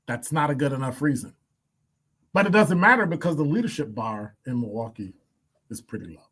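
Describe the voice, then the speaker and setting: A man's voice: a little high, sing-song, fairly quick, fairly bright tone. A male radio host giving blunt opinion commentary, emphatic and wry, stacking up rhetorical questions. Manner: blunt, wry asides and chuckles.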